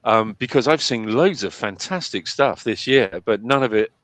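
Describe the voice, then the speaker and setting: Bloke on a stream telling stories, lively tone, dry sound. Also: male voice, fairly low pitch, moderate pace, dry recording. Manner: laughing, storytelling. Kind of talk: casual streamed chat.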